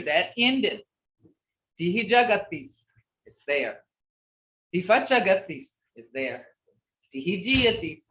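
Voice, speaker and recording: A language teacher leads an online class, patiently repeating phrases to model their tone. The mid-range voice has a sharp tone and sounds distant, coming through roomy, dull video-call audio.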